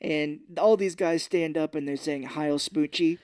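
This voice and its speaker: A man's voice: fairly high pitch, moderate pace, clear, resonant tone, no room sound. Man animatedly retelling a film, dry sound. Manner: animated retelling with playful put-on voices. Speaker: podcast co-host. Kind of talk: casual film recap chat.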